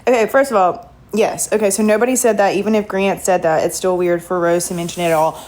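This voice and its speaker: A woman's voice: mid-range voice, steady tone, quick pace, darkish tone, poor audio. Chatty woman livestreaming. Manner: chatty, laughs often, talks to viewers. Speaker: livestream reaction host. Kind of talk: casual chat reacting to TV.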